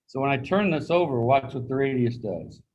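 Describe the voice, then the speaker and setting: Animated and fairly quick, a man with a medium-pitched, darkish voice teaches anatomy by video call in a casual, folksy way, telling personal anecdotes and acting out quoted voices. The highs are cut off, and faint music plays behind him.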